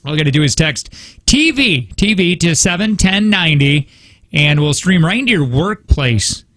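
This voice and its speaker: A man's voice: on the high side, lively intonation, normal speed, a bit bright, dry recording. A man co-hosting a radio show in the studio, telling stories in a chatty, rambling way with many restarts. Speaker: radio co-host. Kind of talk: casual morning-show banter.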